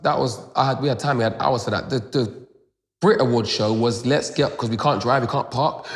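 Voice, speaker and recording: A young man with a London accent, telling a story in a casual interview with rapid, animated retelling full of "boom" and "da da" fillers. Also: big-room sound. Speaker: grime MC, interview guest.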